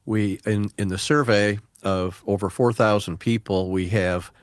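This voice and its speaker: A man who researches near-death experiences, explaining his survey findings in a measured, methodical way. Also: on the low side, steady tone, no room sound, studio quality. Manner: measured, methodical, cites studies.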